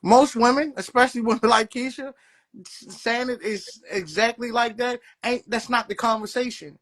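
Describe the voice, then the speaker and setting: A man's voice: very high-pitched, fairly even intonation, normal speed, a bit bright. A man on a casual podcast panel, brash and teasing, pushing back with profanity. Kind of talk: casual debate chat.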